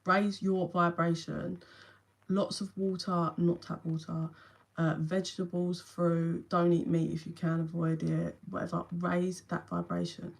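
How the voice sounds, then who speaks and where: A woman's voice: on the low side, level tone, measured pace, gravelly, husky. Chatty young London woman reading tarot. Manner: chatty, addresses viewers by name, casual swearing. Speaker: tarot reader. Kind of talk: live-stream reading to viewers. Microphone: phone.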